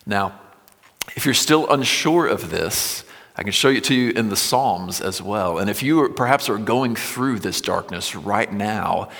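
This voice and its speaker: Man, pastor, sermon, lowish voice, emphatic scripture reading, long church reverb. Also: lively intonation, unhurried, gravelly. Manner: reads scripture with rising intensity, then drops low and quiet.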